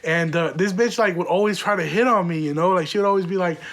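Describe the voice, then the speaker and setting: A man's voice: sits high, quick pace, a bit bright. A young man hosting a podcast, telling a profane, rambling story in a casual way and laughing often. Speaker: podcast host.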